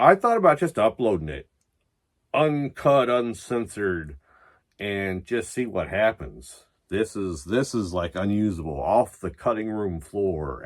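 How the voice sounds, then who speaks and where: Drunk rambling man with a husky voice. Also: fairly low pitch. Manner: rambling, loose, swearing, restarts often. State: drunk and high. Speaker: metal vlogger. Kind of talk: rambling casual vlog.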